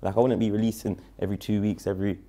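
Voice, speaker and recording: A man with a South London accent, a rapper guest in a casual interview, telling a story in a slang-heavy, animated way and acting out what people said. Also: fairly low pitch, rapid-fire. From London, England. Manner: animated, slang-heavy, acts out the quoted lines.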